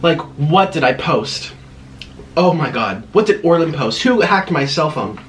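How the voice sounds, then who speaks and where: A man's voice: on the high side, expressive, unhurried, fairly bright tone, slight background noise. A man hosting an eating vlog, chatting through a dramatic story between mouthfuls. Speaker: vlogger.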